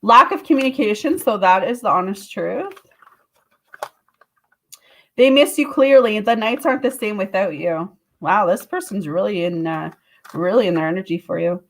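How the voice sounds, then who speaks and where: A woman reading tarot on a live stream. She talks straight to her viewers in a chatty way and breaks into sudden high exclamations. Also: expressive, moderate pace, long pauses. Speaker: tarot reader.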